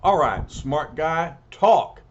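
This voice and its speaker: A man voicing a gruff, slangy, hot-tempered tough-guy hero who hollers in a comic read-aloud. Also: on the high side, very animated, unhurried, lo-fi sound, slight background noise. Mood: threatening.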